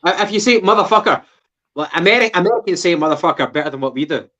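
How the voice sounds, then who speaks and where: A Scottish man chatting about football on a podcast, his voice sitting a touch high. He swears freely and restarts his sentences. The recording sounds dull and lo-fi. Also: expressive, very fast, a bit bright. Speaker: podcast co-host. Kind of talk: casual football chat.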